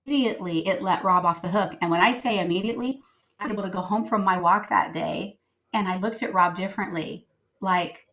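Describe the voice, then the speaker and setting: A woman's voice: medium pitch, brisk, a bit bright, rough recording. A woman guest on a podcast, telling a personal story earnestly and reflectively, with many fillers. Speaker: guest, writer and editor.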